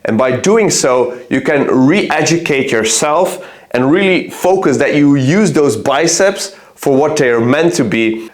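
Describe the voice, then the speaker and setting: A man's voice: a little high, reverberant. A man talking casually to camera about his own training, earnest and thinking aloud as he points to his arms. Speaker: fitness vlogger. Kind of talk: casual explanatory talk to camera.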